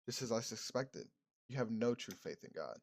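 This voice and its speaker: A man's voice: mid-range voice, lively intonation, moderate pace. A man voicing a stern male priest who judges a woman as a witch, speaking in archaic, solemn tones. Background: game music.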